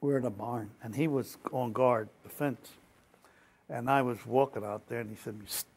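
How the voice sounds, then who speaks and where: Husky and medium-pitched, this older man speaks at a normal speed as he recounts his past for an oral history interview. He tells animated stories, acting out what people said in quoted dialogue.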